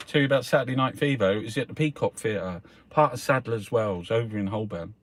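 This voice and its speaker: A man's voice: lowish voice, a little fast, hardly any pauses. A man from South London with a Cockney accent, rambling in a casual monologue, swearing constantly and calling the listener mate. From South London, England. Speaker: host reviewing the newspapers.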